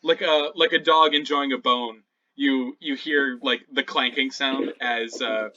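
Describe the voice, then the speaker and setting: A man's voice: mid-range voice, fairly even intonation, a little slow, background noise. A man narrating a tabletop game as game master, in loose, filler-heavy description. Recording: slightly dull lo-fi mic.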